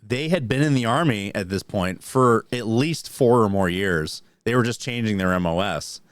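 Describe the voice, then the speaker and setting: A man's voice: fairly low pitch, animated, moderate pace, no echo, clean studio sound. A man at home co-hosting a podcast, explaining army training in a matter-of-fact, profane way. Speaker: podcast co-host. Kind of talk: casual chat.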